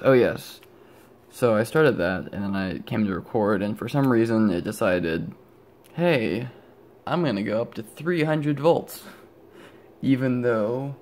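Rambling young man, low and gravelly. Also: a little hiss or hum. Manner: rambling, self-interrupting, sleepy and yawning. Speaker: electronics hobbyist vlogger. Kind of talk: rambling casual show-and-tell.

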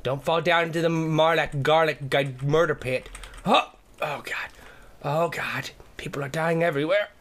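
A man's voice: a little high, moderate pace, fairly bright tone, slight background noise. A man giving comedic let's-play commentary, goofy, flipping into silly character voices and muttering under his breath as he plays. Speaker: gameplay commentator.

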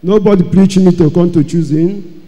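A man giving an emotional church testimony, telling his story dramatically and repeating phrases, his loudness rising and falling. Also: sits high, fairly even intonation, normal speed. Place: large church hall. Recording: long hall reverb.

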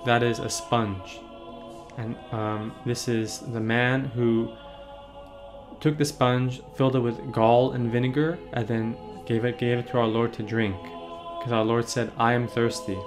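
A man, a priest, leading a catechism meditation on a painting, gently asking the listener questions and answering them. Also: medium pitch, flat delivery, measured pace, music in the background.

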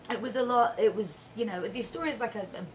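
A woman, chatting casually as a guest and telling animated stories with frequent laughter. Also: a little high, fast talker, slight background noise, low-quality recording. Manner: animated storyteller, laughs often. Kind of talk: casual chat.

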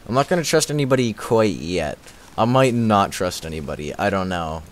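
Chatty raspy-voiced man streaming a game. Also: on the low side, lively intonation, moderate pace. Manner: chatty, thanks viewers, repeats filler words. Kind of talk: casual livestream commentary while playing.

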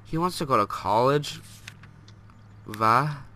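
Stuffy-nosed young man, bright voice. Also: medium pitch, slow. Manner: rambling, chatty, scolding the game characters. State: stuffed-up nose, sniffling. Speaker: gameplay commentator. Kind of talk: casual let's play commentary.

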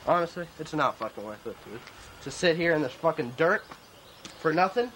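Comic designer rant: a man with a high voice, swearing and rambling outdoors, recorded with loud background noise. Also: lively intonation, brisk. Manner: profane rambling rant, peppered with "man" and "bro". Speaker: clothing designer. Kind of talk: comic mock-documentary rant. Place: outdoors at a tent campsite.

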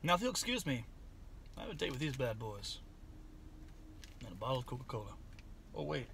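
A man's voice: mid-range voice, big pitch swings, a little fast, vocal fry, heavy background noise. A man doing a goofy, sarcastic snack taste-test vlog, often slipping into silly bits. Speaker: vlogger.

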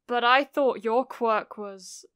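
A woman voicing a caring mother who scolds sharply and comforts softly, in a fan fiction reading. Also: on the high side, takes it slowly, clean tone. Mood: gentle. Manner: scolding then soft and gentle. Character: caring mother figure, stern when scolding.

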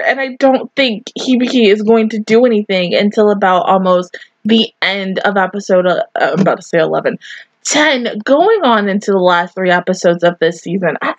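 A woman's voice: medium pitch, no echo, highs cut off. A young woman hosting an anime reaction video, rambling emotionally and swearing a lot in casual commentary.

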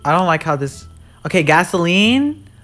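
A woman narrates her own gameplay in an excitable, jumpy voice. Her pitch leaps all over, breaking into sudden shrieks between slangy asides. Faint game music plays behind her. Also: normal speed. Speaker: gaming YouTuber. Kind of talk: live gameplay commentary.

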